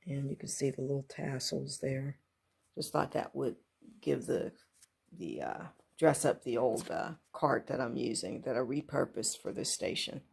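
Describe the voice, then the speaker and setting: Low, gravelly-voiced woman chatting at home. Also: unhurried, a little mellow. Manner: chatty, many fillers, unsure asides. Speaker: home decor vlogger. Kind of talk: casual show-and-tell walkthrough. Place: at home beside a kitchen cart. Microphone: handheld camera moved up close.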